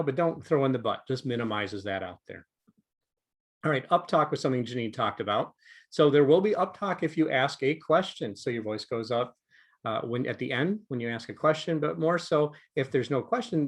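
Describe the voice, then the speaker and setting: A man presenting an online training session, talking conversationally with frequent fillers and asides. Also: mid-range voice. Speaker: presenter coaching delegates on testimony. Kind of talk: casual online training talk.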